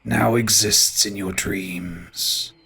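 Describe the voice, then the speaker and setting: A man voicing a slow, grave ancient tree spirit. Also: steady tone, vocal fry, bright, forceful tone, breathy edge, heavily acted. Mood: solemn. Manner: slow, low, grave delivery.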